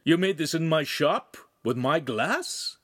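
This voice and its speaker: A man's voice: on the high side, sing-song, a little slow, no room sound, studio quality. A man reading an audiobook, voicing a direct, blunt middle-aged master craftsman.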